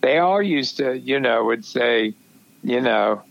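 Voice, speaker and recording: Man, very deep, slow, gravelly, soft-spoken, muffled recording. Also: lively intonation, no room sound. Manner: soft-spoken, halting, agreeing often. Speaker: guest. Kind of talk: casual chat.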